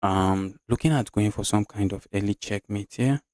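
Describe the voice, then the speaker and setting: A man's voice: fairly low pitch, normal speed, darkish tone, no echo. A man with a Nigerian English accent, streaming chess live, talking through his moves and answering his chat in a chatty way.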